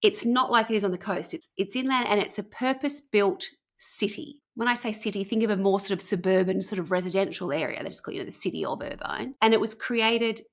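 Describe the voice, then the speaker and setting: A woman's voice: medium pitch, fast, hardly any pauses. A woman telling a story on a podcast in a chatty, rambling way with plenty of fillers. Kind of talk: conversational storytelling.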